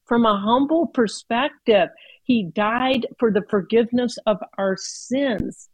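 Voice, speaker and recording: Woman, devotional talk, earnest, reflective, unhurried delivery, dry close sound. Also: a little high, no room sound, rough recording. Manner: earnest, reflective, slow with many pauses. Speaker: speaker sharing a Christmas reflection.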